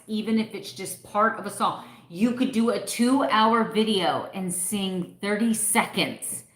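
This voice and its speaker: Middle-aged woman vlogger, candid and emotional live-chat host, lowish voice, roomy echo. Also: fairly bright tone. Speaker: vlogger hosting a live stream. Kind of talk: casual live-stream chat.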